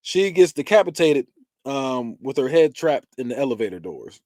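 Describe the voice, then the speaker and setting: Male podcast host, casual and expressive, swearing freely, with a lively, jumpy delivery. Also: medium pitch, normal speed, dry recording, studio quality. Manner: animated, laughing, swearing, acting out scenes. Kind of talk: casual movie-review chat.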